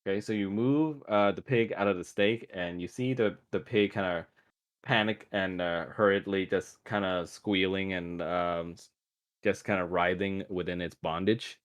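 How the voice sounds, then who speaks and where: Low-voiced man running a tabletop game. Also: steady tone, moderate pace. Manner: casual, filler-heavy narration. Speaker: dungeon master.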